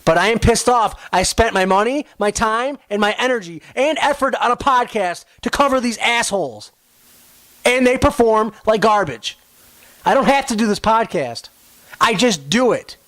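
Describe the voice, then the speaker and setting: A man's voice: sits high, lively intonation, normal speed, a bit bright, dry recording. A young man hosting a sports podcast, ranting with swearing and frustration about his team. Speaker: podcast host.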